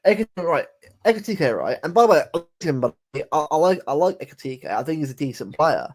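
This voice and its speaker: A man's voice: a little high, sing-song, fast. A man co-hosting a casual football chat podcast, rambling, repeating words and dropping "mate" often. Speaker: podcast co-host.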